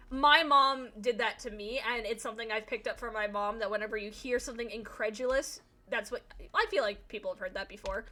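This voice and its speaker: Bright-voiced chatty young woman streamer. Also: a little high. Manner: rambling storyteller, lots of fillers and swearing. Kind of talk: casual chat while streaming a game.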